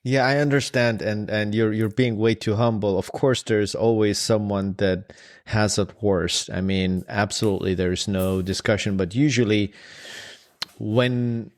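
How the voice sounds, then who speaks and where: A man's voice: fairly low pitch, steady tone, measured pace. A man hosting an interview, asking long, winding questions full of restarts. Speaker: podcast host. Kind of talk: interview conversation.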